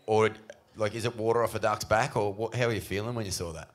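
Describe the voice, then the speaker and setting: A man's voice: on the low side, steady tone, fast, slight background noise. A man hosting a podcast, asking loose, curious questions in a casual way. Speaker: podcast host. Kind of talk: casual interview.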